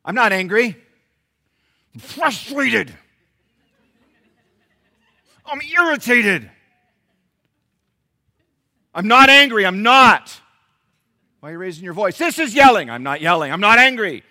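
A man's voice: a little high, very animated, fast, bright, forceful tone, pitched above the performer's own voice, heavily acted. A preacher voicing a defensive, self-righteous churchgoing wife who denies her own faults and points at everyone else's. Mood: indignant. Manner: mocking, exaggerated protests of innocence.

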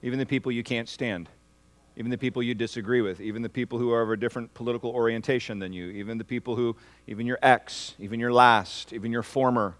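A pastor preaching a sermon to his congregation, his voice at a middling pitch for a man. He swells from near-hushed, drawn-out phrases to loud, climbing peaks. He keeps asking the room to answer back. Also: steady tone. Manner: asks the congregation for responses.

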